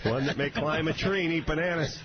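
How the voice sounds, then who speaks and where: A male radio host interviewing a guest and tossing in wry, quick quips. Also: fairly high pitch, over a noisy crowd. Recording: lo-fi radio recording with hiss.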